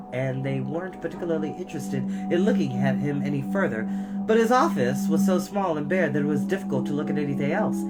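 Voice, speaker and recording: A man reading a children's novel aloud as a storyteller, adding asides to his listeners. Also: fairly high pitch.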